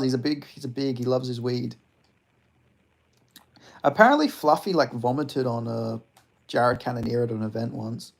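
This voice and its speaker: A man's voice: medium pitch, creaky, a little mellow. A young man hosting a livestream, reading chat and chatting loosely, laughing and swearing freely. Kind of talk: casual stream chat.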